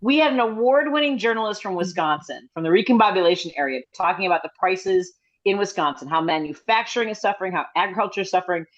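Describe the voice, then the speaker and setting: A middle-aged woman comedian telling stories in a rambling, chatty way with quick asides, over a video call. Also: mid-range voice, lively intonation. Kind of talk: casual comedic storytelling. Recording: slightly dull video-call audio.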